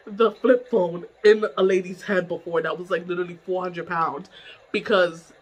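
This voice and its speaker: A woman telling a story in a casual vlog from her bedroom. She is animated, laughs often and swears freely. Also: on the low side, normal speed, husky, low-quality recording.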